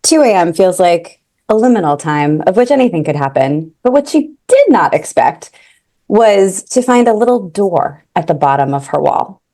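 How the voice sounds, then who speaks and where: A woman's voice: fairly low pitch, sing-song, normal speed, mellow. A woman author improvising a story before an audience, chatty and digressive.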